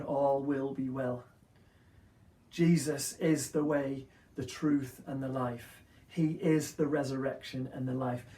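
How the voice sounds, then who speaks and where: A man's voice: mid-range voice, mellow, reverberant, distant mic. A man preaching an Easter sermon with earnest, rhythmic repeated phrases. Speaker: pastor.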